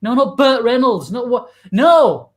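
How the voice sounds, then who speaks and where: Animated improv host. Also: male voice, very high voice, measured pace. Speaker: improv performer and show host. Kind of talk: improvised comedy livestream.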